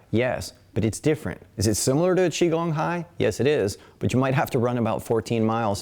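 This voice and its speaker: A man teaching qigong in a webinar, calmly counting breaths aloud and asking rhetorical questions. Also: lowish voice. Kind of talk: guided qigong instruction. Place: indoor studio with camera. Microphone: webinar camera mic.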